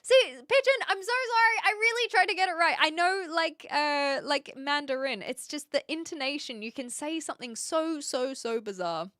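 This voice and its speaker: A woman's voice: high-pitched, lively intonation, normal speed, few pauses, bright, forceful tone, no echo, clean studio sound. A woman live streamer chatting casually with her viewers, thinking aloud and laughing often. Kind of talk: casual live-stream chat, reading chat messages.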